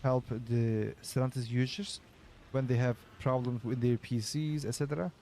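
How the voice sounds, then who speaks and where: A man streams a game and chats casually with a teammate in halting English, stopping now and then to find the right word. His first language is Kurdish. His voice sits at an ordinary middle pitch, with a faint hiss underneath. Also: steady tone, dark tone. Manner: halting, searching for words in English. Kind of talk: casual gaming chat.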